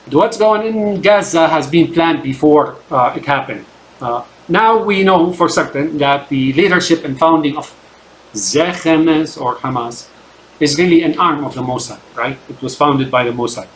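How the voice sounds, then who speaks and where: A man's voice: on the high side, low-quality recording. A man with a slightly raised voice and a native Arabic speaker's English delivers a loose, emphatic rant to camera. He rambles, repeats himself and keeps checking in with "right?". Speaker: channel host. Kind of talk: ranting monologue to camera.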